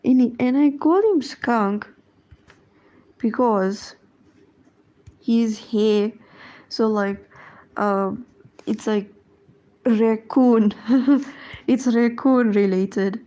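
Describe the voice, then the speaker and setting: A woman's voice: fairly high pitch, very slow, long pauses, dark tone, highs cut off. A woman chatting casually while she draws, rambling along with lots of fillers and trailing thoughts. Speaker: drawing streamer. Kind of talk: casual chat while drawing.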